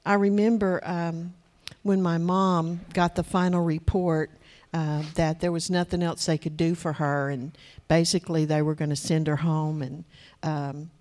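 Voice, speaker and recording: Soft-spoken woman sharing a testimony. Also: deep voice, level tone, unhurried. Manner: soft, reflective, hesitant. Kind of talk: personal testimony.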